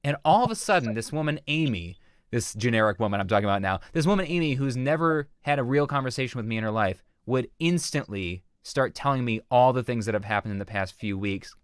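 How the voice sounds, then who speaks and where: A man guesting on an interview, telling anecdotes in an animated way and acting out bits of dialogue. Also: mid-range voice, fairly quick, clean tone, no echo, clean studio sound. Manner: animated storyteller who acts out quoted dialogue. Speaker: guest speaker and author. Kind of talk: conversational interview storytelling.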